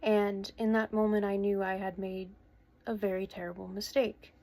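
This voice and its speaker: A woman in her twenties speaks to camera from her bedroom at home, telling a personal story. Her voice sits at an ordinary mid pitch. She talks in an earnest, halting way, pausing and starting sentences over as she goes. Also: flat delivery, warm tone. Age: 20s. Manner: hesitant and earnest, with many pauses and restarts. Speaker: vlogger.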